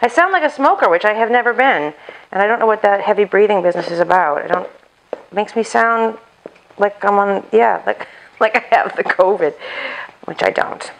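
A woman's voice: mid-range voice, normal speed, gravelly, low-quality recording. A woman hosting a home cooking video on a chest mic, chatting casually and talking to herself as she works. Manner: rambling, talks to herself while cooking. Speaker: cooking channel host. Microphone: lapel mic on chest.

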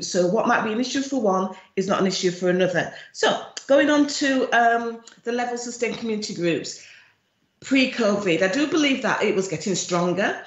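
A woman with a Jamaican accent, a charity chief executive giving a frank, emphatic presentation at a virtual conference. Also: medium pitch. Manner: frank, emphatic, speaks of her views directly. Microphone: video call computer mic. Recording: roomy, dull lo-fi video call audio.

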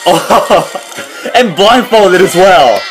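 Guy laughing thru a cartoon reaction, keeps saying wow, slow talker, music going behind him. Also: high-pitched, animated, crowd noise, poor audio. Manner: frequent laughter and repeated exclamations of wow. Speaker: reaction video host. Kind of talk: casual reaction commentary.

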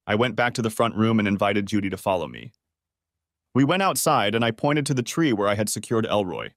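A man narrating a first-person revenge story for an audiobook, in a calm, cold, matter-of-fact manner. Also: lowish voice, no room sound, studio quality.

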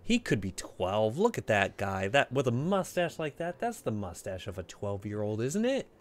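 A man's voice: lowish voice, sing-song, normal speed, slight background noise. A man hosting a blind let's play, giving casual gameplay commentary with playful, joking asides.

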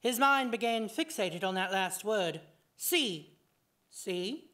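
A woman reading her own short story aloud at a fiction night, in an expressive storytelling manner. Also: medium pitch, moderate pace.

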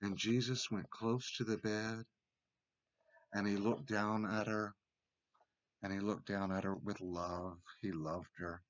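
A man giving a children's sermon in gentle, simple words, reading a storybook aloud. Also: fairly low pitch, level tone, slow pace, long pauses, dry recording, muffled recording. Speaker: church children's sermon leader. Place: church, recorded remotely.

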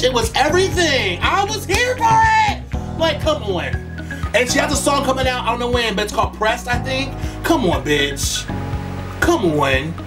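A man reacting to a music video, with loud, gushing exclamations, frequent swearing and a camp, sassy delivery. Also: very high-pitched. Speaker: YouTube reactor. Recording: voice from a distance with music clearly behind. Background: music video playing.

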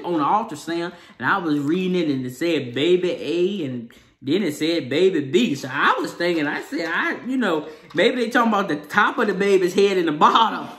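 Laid-back man telling a story. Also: a little high. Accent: Southern American. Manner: relaxed, laughing retelling. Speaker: parenting vlogger. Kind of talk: casual storytelling. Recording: echoey room with faint music.

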